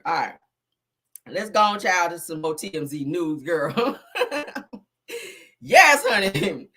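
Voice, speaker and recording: A man's voice: fairly high pitch, sharp tone, husky. A man hosting casual gossip commentary in a flamboyant, sassy, cackling manner.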